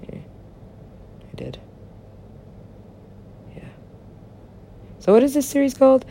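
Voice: mid-range voice, warm tone, slight background noise. A person rambling through a solo monologue, swearing often, laughing and talking to themselves. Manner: meandering, profane, laughs often, talks to self.

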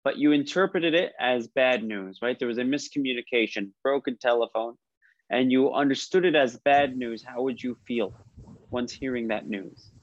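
A man's voice: medium pitch, moderate pace, no room sound. A man giving an informal religious lesson, telling stories in a conversational way with frequent restarts and questions to his listeners. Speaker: rabbi teaching a class. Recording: slightly muffled recording with faint noise.

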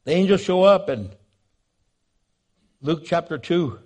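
Man, pastor, sermon, high-pitched, animated, playful storytelling. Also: unhurried. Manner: animated, jokey, acts out scenes.

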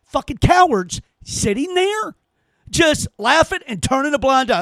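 A man with an unusually high voice rants hard, cursing and hammering the same words over and over. His pitch jumps all over as he gets worked up, and the sound is dry and close with no room around it. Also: sing-song, unhurried, a bit bright, no echo. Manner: heated, cursing, emphatic repetition. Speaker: podcast host. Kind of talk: angry opinion rant.

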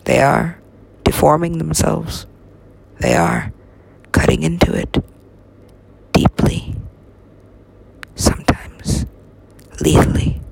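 Slow gravelly young woman rambling. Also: deep voice, darkish tone, a little hiss or hum. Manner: rambling, profane, talks to herself, drops to whispers. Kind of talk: rambling solo talk.

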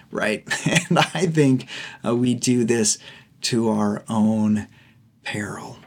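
A young man teaching through a Bible passage in a relaxed, conversational way, often laughing and checking in with his listeners. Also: mid-range voice, slow, vocal fry.

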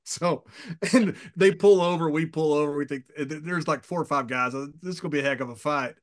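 A man's voice: a little high, fairly quick. Chuckling man in his fifties, storytelling. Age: 50s. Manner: chuckles often and repeats words as he tells stories. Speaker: guest. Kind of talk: casual storytelling.

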